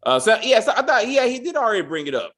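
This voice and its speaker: A man co-hosting a casual TV review podcast, swearing freely and acting out characters' lines in quick exasperated bits. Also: high-pitched, sing-song, a bit bright. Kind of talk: casual spoiler review chat.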